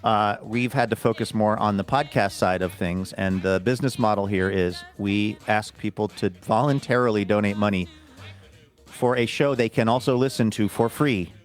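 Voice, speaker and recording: A man's voice: on the low side, moderate pace, soft background music. A man co-hosting a podcast in casual chat, rambling and self-deprecating. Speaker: podcast co-host.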